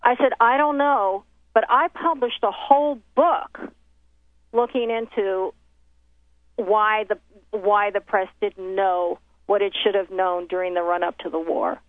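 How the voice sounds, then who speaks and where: In an unhurried, medium-pitched voice, a woman shares a story from her documentary filmmaking career during casual conversation. Her retelling is animated, performing the voices of the people she quotes, with lots of exchanges and restarts. It's heard over a thin, tinny phone line, dry and echo-free.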